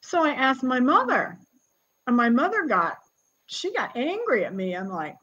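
A woman in her sixties, a genealogist guest, telling family stories in a lively, chatty way and laughing often. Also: fairly high pitch, normal speed, muffled recording. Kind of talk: casual storytelling conversation.

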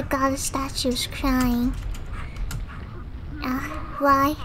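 A woman's voice: fairly high pitch, unhurried, long pauses, noisy background. A woman streaming a video game, chatting, thanking viewers and reading game text aloud. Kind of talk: casual gameplay commentary.

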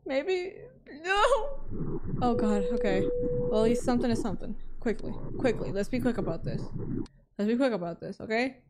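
A young woman VTuber streams a horror game, muttering to herself, startling easily, pleading, and later mocking herself. Her voice is on the high side and fast, and the recording is very noisy.

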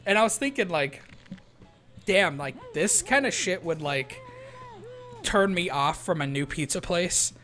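A man's voice: high voice, animated, a little slow, pauses often, bright, forceful tone. Rambling, cursing young guy telling a story. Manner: rambling, profane, laughing between lines. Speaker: co-host of a gaming channel. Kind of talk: casual storytelling during a playthrough.

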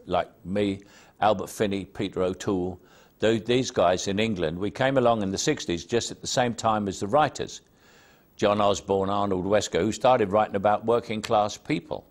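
An older actor with a Cockney accent reminisces in an interview, speaking at a fairly low pitch and moderate pace. He's self-deprecating and full of stories, telling anecdotes about his career.

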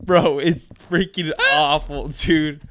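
A man's voice: fairly high pitch, fairly even intonation, takes it slowly, a bit bright, slight background noise. A young man co-hosting a casual podcast, slangy and exasperated as he rants. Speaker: podcast co-host. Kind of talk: casual chat.

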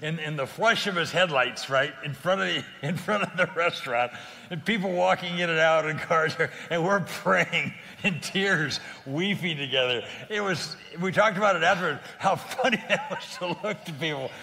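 An older man, a guest on a faith talk show, telling a personal testimony in a lively, emphatic way, often laughing. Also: fairly high pitch, normal speed, gravelly. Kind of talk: animated storytelling testimony. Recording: long reverb.

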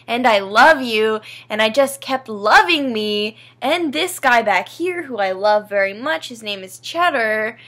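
A woman's voice: on the high side, lively intonation, measured pace, hardly any pauses, a bit bright. A young woman vlogging in a casual, rambling, emotional way, swearing freely. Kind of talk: casual personal vlog.

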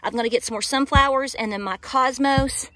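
A woman's voice: high voice, fairly quick, fairly bright tone, dry recording, studio quality. A woman, hosting a homestead vlog and chatting casually with her viewers while working outdoors in a garden. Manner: chatty, folksy, talks straight to viewers.

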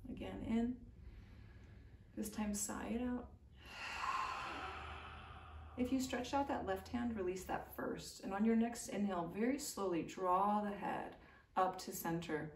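Calm woman guiding yoga, echoey room. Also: mid-range voice, moderate pace, gravelly, noisy background. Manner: calm, gentle, soothing guidance with light laughs. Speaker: yoga teacher. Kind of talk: guided yoga instruction. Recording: echoey room, mic at a distance.

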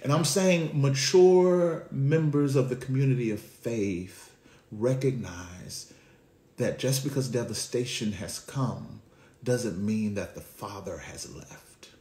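A pastor preaches a sermon in a conversational style sprinkled with slang, using call-and-response and swinging from hushed lows to shouting. He speaks slowly, and the sound is roomy.

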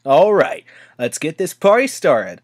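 A man's voice: a little high, very animated, measured pace, voice pushed up. A man reading a storybook aloud, voicing a brash, cocky tomboy mare pegasus who whoops and boasts. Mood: excited.

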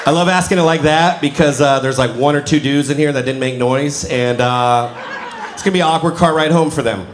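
Guy in his 40s doing standup, chatty storytelling, roomy club sound w/ loud crowd noise. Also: fairly high pitch, a little fast. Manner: conversational storytelling with acted-out quotes. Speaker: stand-up comedian. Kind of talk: stand-up comedy set. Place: comedy venue with live audience. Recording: roomy live venue with loud audience noise.

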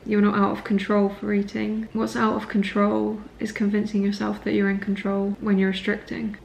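An earnest young woman talks to her camera in a personal vlog, steadily encouraging herself. Her voice sits at an ordinary mid pitch. The room around her is echoey, with a faint hiss behind. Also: monotone, normal speed, vocal fry. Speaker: recovery vlogger.

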